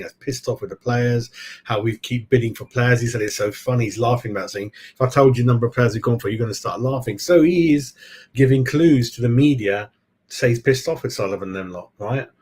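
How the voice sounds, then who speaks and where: A man hosting a football fan channel, talking in a casual live-stream chat and answering viewers as he goes. He rambles from point to point and keeps dropping in "mate.". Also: mid-range voice. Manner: chatty, keeps saying "mate".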